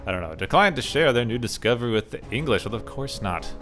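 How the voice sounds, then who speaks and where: A man's voice: medium pitch, animated, fast, fairly bright tone, soft background music. A man hosting a gaming video, reading the game's story text aloud and adding wry, sarcastic asides in a casual let's play style. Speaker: gaming channel host.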